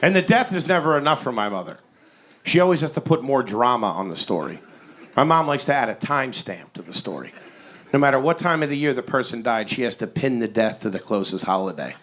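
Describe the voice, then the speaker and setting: A man in his forties performing a stand-up comedy set on stage, with an animated, incredulous, ranting delivery. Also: medium pitch, brisk. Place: comedy stage before a live audience.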